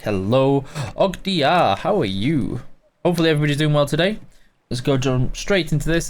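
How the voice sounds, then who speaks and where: A man hosting a casual live game stream, greeting viewers by name and answering chat while tired and yawning. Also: fairly high pitch.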